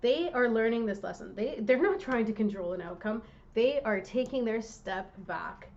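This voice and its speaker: Woman tarot reader, fairly high voice, fired-up and direct, slightly muffled lo-fi audio. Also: expressive, normal speed, darkish tone. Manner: impassioned, direct, talking to the viewer. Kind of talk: tarot reading vlog.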